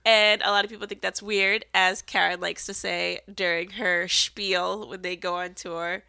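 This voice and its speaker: A woman's voice: fairly low pitch, flat delivery, normal speed, gravelly, pushed and bright, clear, resonant tone, dry recording. A woman in her thirties hosting a podcast, chatting casually and telling stories animatedly, swearing now and then. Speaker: podcast host. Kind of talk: casual chat.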